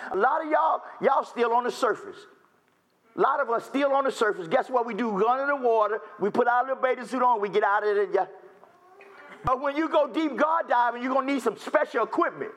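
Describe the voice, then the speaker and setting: Husky high-voiced man preaching testimony. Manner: call-and-response asides, repeats phrases, rising to near-shouts. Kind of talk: testimony sermon.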